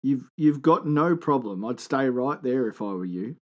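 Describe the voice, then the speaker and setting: Australian male podcast co-host, mid pitch, teasing and jokey. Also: lively intonation, moderate pace, muffled recording. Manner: joking, teasing. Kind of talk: casual banter.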